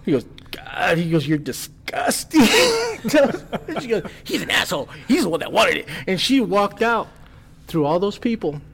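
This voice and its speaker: A man guest on a podcast telling a wild story casually, animated and swearing freely as he acts out what others said. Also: sits high, moderate pace, creaky.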